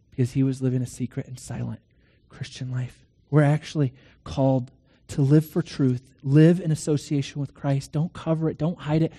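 A middle-aged man preaching a sermon, earnest, swinging between loud questions and hushed lines, telling stories with quoted dialogue. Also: fairly high pitch, husky. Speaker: pastor.

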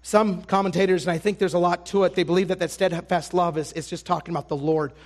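Speaking quickly in a voice that sits high, a male itinerant preacher weaves personal stories into his sermon. His delivery is lively and self-deprecating, with frequent restarted sentences.

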